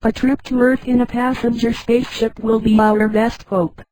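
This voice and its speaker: A computer-voiced woman reading the lines of a blunt, restless man who craves city life, in a flat delivery. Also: fairly high pitch, normal speed, dry recording, close to an everyday voice, rough recording.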